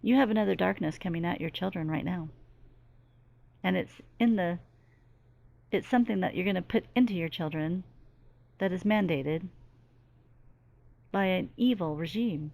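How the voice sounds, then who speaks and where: A woman's voice: lowish voice, moderate pace, vocal fry, pauses often, darkish tone. A middle-aged woman speaking as a medium in a channeling monologue, earnest and emphatic, with lots of repetition. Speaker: spiritual medium.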